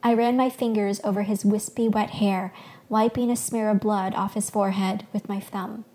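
A woman podcast host reading her own fictional story aloud, soft and expressive. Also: medium pitch, moderate pace.

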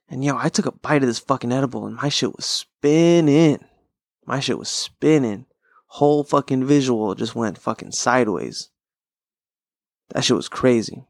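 With a gravelly, slightly mellow mid-range voice and no echo, a man talks close to the mic while hosting his own casual podcast. The delivery is laid-back, rambling and heavily profane, like stoner chatter.

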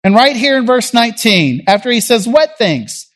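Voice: mid-range voice, sing-song, normal speed, a bit bright. A preacher from Tennessee, giving a sermon as a conversational story and acting out the people in it. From Jackson, Tennessee.

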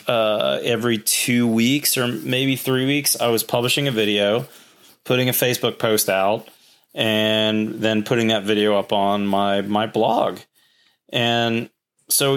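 A man, a guest on a podcast, telling long casual stories about his building business in a rambling, animated way, acting out quotes. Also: medium pitch.

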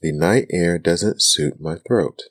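A man's voice: low-pitched, slow pace, full character voice. A man voicing a fussy old magpie in a whispered role-play.

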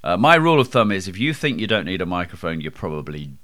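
A man hosting a podcast on presentation skills, with a projecting, booming voice and an emphatic delivery that he slows and speeds for effect. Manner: lively, emphatic, varies pace and loudness for effect. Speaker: podcast host.

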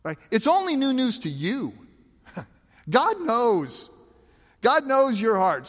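A man's voice: extremely high pitch, wildly swooping pitch, slow, pauses often, big-room sound. A man preaching a sermon as a pastor, talking conversationally with emphatic rhetorical questions.

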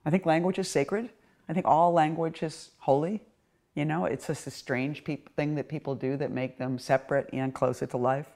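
A woman's voice: sits low, fairly even intonation, normal speed, warm tone. A woman poet with a Boston accent, musing in an interview and declaiming her poems with rhetorical questions. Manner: musing, circling, frequent "you know?". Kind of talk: reflective interview talk and spoken-word poetry reading.

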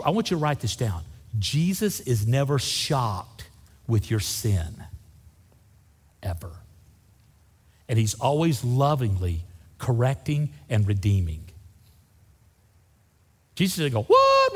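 A man's voice: medium pitch, sing-song, measured pace, long pauses, slightly rough. A man preaching a sermon, reading scripture and acting out the voices with casual asides. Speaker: pastor. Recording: long hall reverb.

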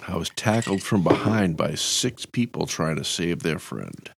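A man's voice: sits low, expressive, a little slow, slight background noise. A man with a Boston accent on a podcast, answering briefly and offhandedly. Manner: gravelly, offhand, brief replies. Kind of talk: casual chat.

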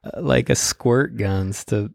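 Podcast host, male, lively raconteur who jumps into high voices for quotes; dry studio sound. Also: slow pace, creaky, no echo. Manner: animated storyteller, acts out quotes with big pitch jumps, laughs often. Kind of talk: casual storytelling chat.

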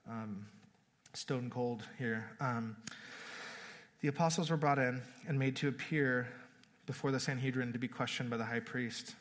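Guy giving a casual sermon, repeats himself a lot, long church reverb. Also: mid-range voice. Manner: conversational, repeats words, laughs at the text. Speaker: pastor. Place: church hall.

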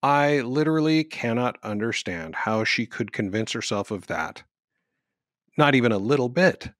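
A man's voice: medium pitch, expressive, moderate pace, a bit bright, dry recording. A man narrating with scripted, dry, sarcastic commentary.

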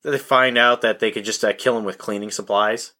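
Bright-voiced joking man. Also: fairly low pitch, fairly even intonation, fairly quick. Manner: joking, laughs often. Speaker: podcast co-host. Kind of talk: casual movie recap chat.

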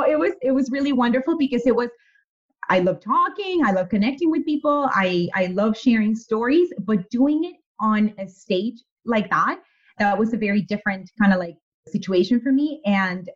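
A woman's voice: a little high, lively intonation, normal speed, muffled recording. A woman guest on a podcast, a health and nutrition coach, talking candidly and emphatically, swearing now and then and laughing easily. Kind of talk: casual interview chat.

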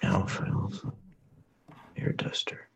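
A man's voice: takes it slowly, a bit bright, in a whisper. A man co-hosting a podcast in laid-back, joking casual chat. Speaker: podcast co-host.

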